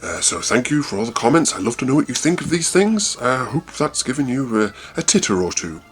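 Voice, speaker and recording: A man's voice: medium pitch, big pitch swings, a little fast, faint music behind. A man reading a bad fan story aloud and mocking it with wry, sarcastic commentary. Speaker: online reviewer of fan fiction.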